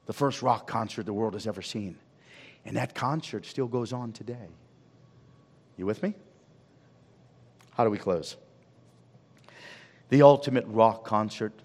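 A man preaching a sermon as pastor, swinging from loud calls to hushed asides. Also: mid-range voice. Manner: preaching with sweeping rises and drops in volume. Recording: long reverb of a large hall.

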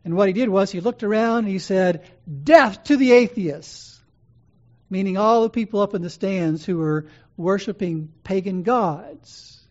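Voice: mid-range voice, normal speed, hardly any pauses, darkish tone. A preacher delivering an earnest sermon, repeating key phrases with emphatic build-ups, in a slightly dull recording.

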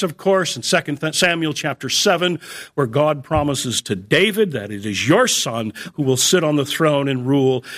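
A man preaching a sermon in a measured way, slowing down and lifting his voice to stress key phrases. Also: on the high side, a bit bright.

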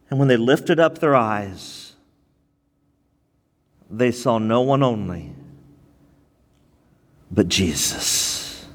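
A man's voice: fairly low pitch, long reverb tail. A man preaching a sermon to his church, moving from teaching into impassioned, pleading prayer. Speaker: pastor.

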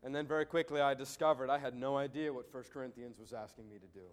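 A man's voice: mid-range voice, fairly even intonation, fast talker. A male pastor giving an earnest sermon to a congregation, often repeating words as he thinks aloud. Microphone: preaching to a congregation.

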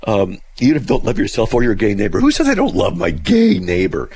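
A male radio host reading listener mail aloud and mocking it in a sarcastic, animated way. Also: fast, a little hiss or hum. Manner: sarcastic, mocking, animated with sudden pitch jumps.

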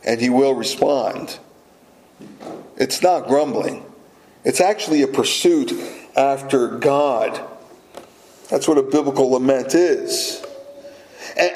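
Slow, deliberate preaching man. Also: fairly high pitch, a little mellow, echoey room, rough recording. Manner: deliberate, emphatic repetition. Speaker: pastor. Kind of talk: sermon.

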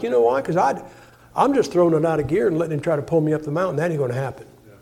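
Folksy high-voiced preacher in his 60s. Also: racing, gravelly. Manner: folksy, humorous storytelling with sudden loud bursts. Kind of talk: sermon.

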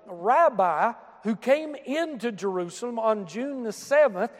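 Fervent high-voiced preacher. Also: male voice, lively intonation, unhurried, big-room sound. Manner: fervent, emphatic, swings from soft asides to shouted emphasis. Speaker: pastor. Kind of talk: sermon. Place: church sanctuary.

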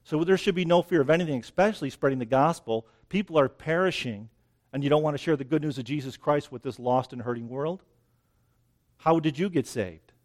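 Outdoors by dense greenery, a man with a slightly high, darkish voice preaches a little fast. His sermon is conversational and slightly breathless, with frequent "right?" check-ins with the listeners.

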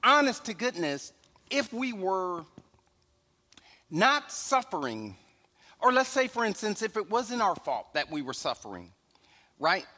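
Male pastor, sermon, very high voice, conversational with chuckles, church hall, long reverb. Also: big pitch swings, unhurried, long pauses, pushed and bright. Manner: conversational preaching, frequent "right?" asides, chuckles.

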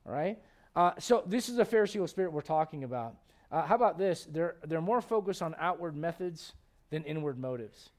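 High-voiced pastor preaching. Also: male voice, brisk. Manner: animated and conversational, with frequent restarts. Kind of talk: sermon.

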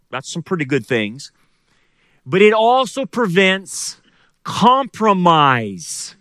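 A man's voice: a little high, sharp tone, dry recording, clean studio sound. A middle-aged man preaching a sermon as pastor, asking the congregation rhetorical questions.

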